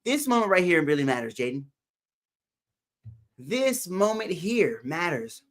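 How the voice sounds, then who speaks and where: A man's voice: sits high, very animated, measured pace, fairly bright tone. A man hosting a live motivational stream, greeting viewers by name in an upbeat, chatty way and laughing often. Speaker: livestream motivational host. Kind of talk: live stream chat reading. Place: home livestream setup.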